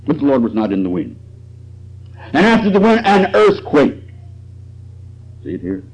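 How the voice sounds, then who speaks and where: Husky preacher man, lively rise and fall. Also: on the high side, moderate pace, pauses often. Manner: chuckling asides, rising and falling emphasis. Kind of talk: sermon. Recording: dull lo-fi recording.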